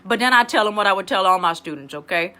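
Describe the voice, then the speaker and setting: Speaking fast in a mid-range voice that's animated, pushed and bright, a woman takes on the role of a blunt, brassy former schoolteacher in middle age. It's a sassy, rambling improv comedy monologue delivered as a livestream host character.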